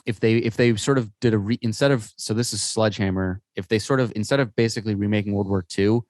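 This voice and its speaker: A man's voice: lowish voice, fast, darkish tone, no echo. A man co-hosting a podcast, chatting casually about games in a rambling, stop-start way full of restarts and fillers. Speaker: podcast co-host. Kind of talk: casual gaming chat.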